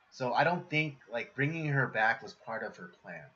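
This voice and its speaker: A man's voice: medium pitch, fairly quick, few pauses, bright, forceful tone. A man co-hosting a casual film review podcast, laid-back and leaning on "you know" and "like". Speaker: podcast co-host. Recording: dull lo-fi stream audio.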